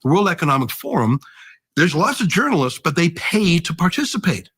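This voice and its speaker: Husky-voiced guy in an interview, lively pitch, counting off his points. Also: brisk. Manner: emphatic, lists points. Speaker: interview guest, media commentator. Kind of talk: interview conversation.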